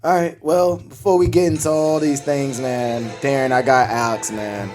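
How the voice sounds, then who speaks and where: A man's voice: medium pitch, fairly even intonation, normal speed, over music. A man co-hosting a podcast, leading the segments in a laid-back, casual way. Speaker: podcast co-host.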